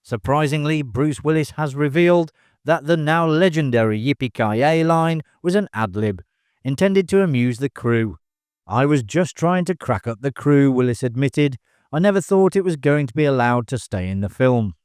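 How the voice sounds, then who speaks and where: A man narrates movie facts in a measured, even scripted read. His voice is smooth and crisp, at a middle pitch, and it sounds dry and close to the mic, with no room echo. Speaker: narrator of a movie trivia channel.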